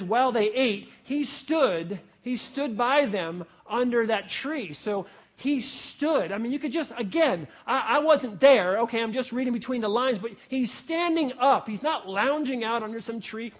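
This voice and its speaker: High-voiced animated male preacher. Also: unhurried. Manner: animated, acts out voices and rhetorical questions; jokey, conversational preaching. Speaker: pastor. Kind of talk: sermon.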